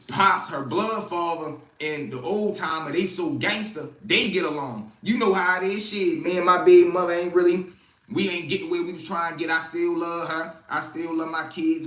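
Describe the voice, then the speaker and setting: A man's voice: fairly high pitch, roomy sound. A man with a Baltimore accent telling stories in a loose, slang-heavy way, acting out other people's voices. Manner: animated, slangy, acts out quoted voices loudly. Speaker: host. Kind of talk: casual storytelling.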